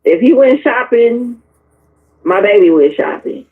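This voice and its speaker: A woman's voice: on the high side, a little slow. A candid woman telling frank personal stories in loose, casual chat, recorded over a tinny, phone-like line. She is a guest on a discussion panel. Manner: candid, animated storyteller.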